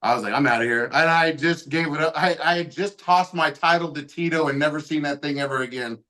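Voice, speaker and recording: Fairly quick and sharp-toned, with a voice on the high side, a podcast host casually spins a story into his podcast mic. He swears constantly and acts out what each person said.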